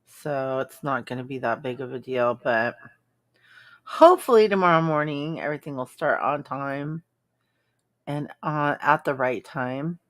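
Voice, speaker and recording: A woman's voice: very deep voice, measured pace, fairly bright tone. A woman hosting a live stream, chatting casually and bluntly with viewers, sarcastic and full of ums. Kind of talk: casual chat reacting to viewer comments.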